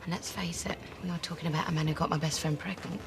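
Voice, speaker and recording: A woman's voice: low-pitched, steady tone, fast talker, noisy background. An actress playing a frazzled woman in a TV soap, chatty and exasperated. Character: frazzled middle-aged woman club runner, bitter. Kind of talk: TV soap drama.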